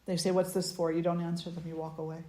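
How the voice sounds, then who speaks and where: A woman spiritual teacher giving a satsang talk, telling stories gently in short, unhurried phrases. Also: on the low side, flat delivery. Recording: echoey room.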